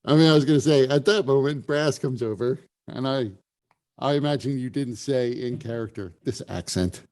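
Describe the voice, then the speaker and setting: A man running a tabletop game who describes scenes casually and fills his sentences with "like" and "uh". His voice has a mellow, dark warmth at a middle pitch. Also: fairly even intonation, moderate pace. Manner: casual, descriptive, with filler words. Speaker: game master.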